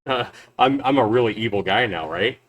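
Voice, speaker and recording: In his YouTube reaction commentary, a game developer and reviewer fires back at a rival's clips with sarcasm and mockery. His voice sits on the low side, fairly quick and fairly bright, with lively intonation.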